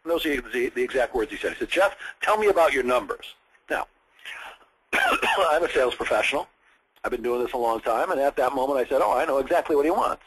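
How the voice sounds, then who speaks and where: A man's voice: mid-range voice, fast talker, slightly rough, rough recording. A man telling a story from his sales career in a training session, acting out other people's lines as he goes. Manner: animated storyteller, acts out quoted voices.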